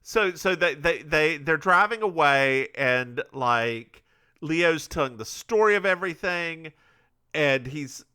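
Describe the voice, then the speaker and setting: Lively bright-voiced man chatting. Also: a little high, slow, clean tone. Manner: rambling, stop-start storytelling; says he is bad at accents. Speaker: podcast co-host. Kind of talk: casual chat recapping a TV episode.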